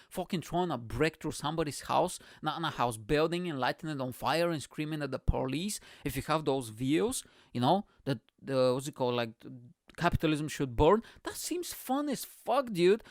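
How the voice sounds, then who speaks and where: A man's voice: on the high side, no room sound, clean studio sound. Rambling, profane male comedy podcaster. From immigrant. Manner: rambling, profane, constantly says bro and you know what I'm saying. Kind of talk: casual comedic podcast monologue.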